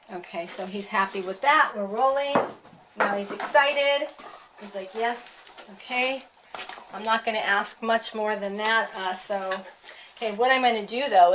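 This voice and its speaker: A woman's voice: medium pitch, background noise. A woman talking casually as she trains her dog at home, chatting to the camera and voicing what the dog might think. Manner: chatty, talks to the dog and voices his thoughts.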